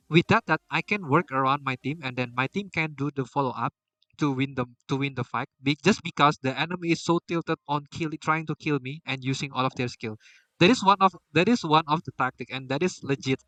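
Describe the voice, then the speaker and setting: A man's voice: mid-range voice, sharp tone, no echo, far from the mic, rough recording. A man hosting a casual podcast chat, rambling with many restarts and frequent laughs. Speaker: podcast host.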